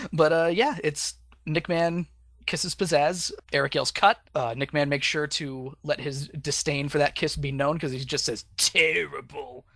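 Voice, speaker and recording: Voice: medium pitch, fairly even intonation, measured pace, fairly bright tone, no echo. A podcast co-host in casual chat, loose and sarcastic, swearing freely. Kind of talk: casual chat recapping a cartoon.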